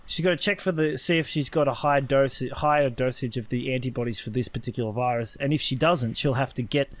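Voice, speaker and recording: Rambling podcast bloke. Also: male voice, mid-range voice, fairly quick. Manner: rambling storyteller, restarts and acts out others. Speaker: podcast co-host. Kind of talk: casual chat.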